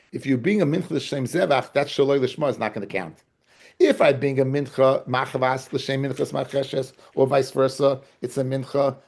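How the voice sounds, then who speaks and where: Teaching a Talmud study session, a man uses a medium-pitched voice that is creaky, a little mellow, and slightly rough. He repeatedly asks his students, whom he calls guys and fellas, whether they follow, and restates key phrases, restarting to drive points home.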